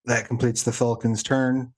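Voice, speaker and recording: A man running a tabletop game as game master, pausing often with fillers while he works out damage rolls. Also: mid-range voice, level tone, darkish tone. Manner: halting, with many fillers while tallying damage.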